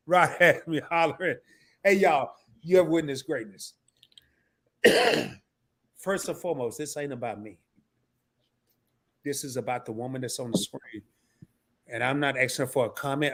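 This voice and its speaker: A man hosting a casual live stream, talking loosely, repeating himself and breaking into laughter. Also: medium pitch.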